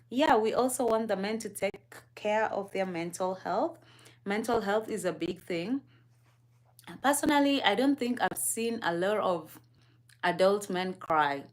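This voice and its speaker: Chatty, curious woman from Kenya. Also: medium pitch. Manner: curious, chatty, laughs often, addresses chat and co-host. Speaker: livestream co-host. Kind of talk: casual livestream chat.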